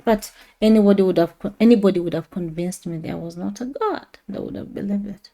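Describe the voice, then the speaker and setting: A woman's voice: mid-range voice, brisk, warm tone. A woman in her thirties telling a personal faith testimony in a rambling, casual way with many fillers and restarts. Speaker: testimony speaker.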